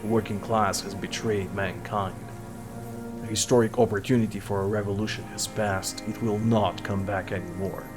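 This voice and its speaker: A man's voice: lowish voice, steady tone, normal speed, natural voice. A man doing a bitter sick old deserter. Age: 60s. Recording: music playing behind voice. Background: music.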